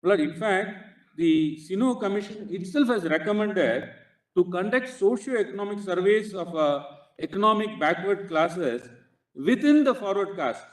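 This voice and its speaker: A man's voice: high voice, expressive. A man with an Indian English accent arguing a case before a court bench, breaking his phrases with constant, insistent "Lord" addresses. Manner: inserts "Lord" into nearly every phrase, halting and insistent. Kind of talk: courtroom legal argument. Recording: echoey courtroom audio picked up from a distance.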